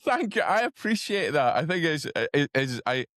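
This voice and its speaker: A Scottish man hosting an interview, eager and chatty, often restarting sentences and rising in pitch when excited. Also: normal speed, no room sound, studio quality. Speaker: host. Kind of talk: casual interview talk.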